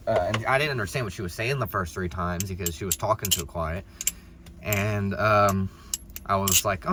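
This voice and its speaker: A man's voice: on the low side, lively intonation, moderate pace, pauses often. A young man telling a casual story while driving, rambling, with many restarts and an exasperated tone. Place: in a car. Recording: noisy background.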